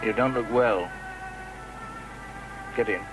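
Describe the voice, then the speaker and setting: A man's voice: fairly low pitch, slow. An actor playing a kindly, chatty English man who drives a stranger along in a television drama. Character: friendly English man giving a lift, a rugby referee. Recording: distant mic with loud music playing.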